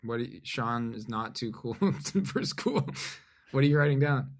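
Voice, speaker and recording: A man chatting as a podcast guest, speaking in a halting, deadpan, self-deprecating way. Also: medium pitch. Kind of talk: casual conversation.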